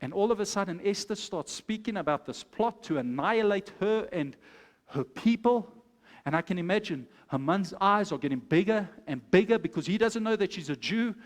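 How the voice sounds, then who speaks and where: A man's voice: high-pitched, expressive, moderate pace, big-room sound. A man, a pastor preaching a sermon, telling the story and exhorting his congregation.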